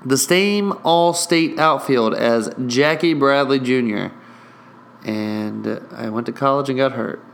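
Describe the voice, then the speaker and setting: A young man hosting a casual solo podcast, excitable and profane, rambling through mock play-by-play into a studio mic with a pop filter. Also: mid-range voice, takes it slowly, creaky. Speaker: podcast host.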